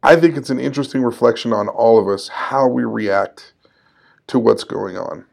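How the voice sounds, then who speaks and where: A man in his forties hosts a solo podcast, sounding upbeat, conversational and encouraging, and now and then laughing at himself. His voice is gravelly and medium-pitched, at a normal speed.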